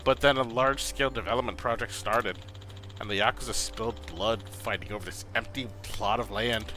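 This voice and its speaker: A man's voice: lowish voice, brisk, pushed and bright, slight background noise. A man voicing a weary, reflective middle-aged ex-gangster, reading game dialogue aloud in a subdued, thoughtful way.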